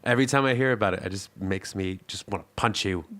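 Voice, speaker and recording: Low-voiced man rambling on a podcast. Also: fast talker, a bit bright. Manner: rambling, heavy on "like", self-mocking. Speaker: podcast co-host. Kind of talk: casual chat.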